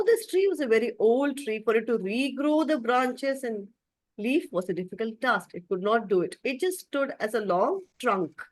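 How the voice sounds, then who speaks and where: Woman teacher telling a story, expressive, keeps clearing her throat, dry close sound. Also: mid-range voice, no room sound. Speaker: spiritual teacher. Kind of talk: storytelling talk.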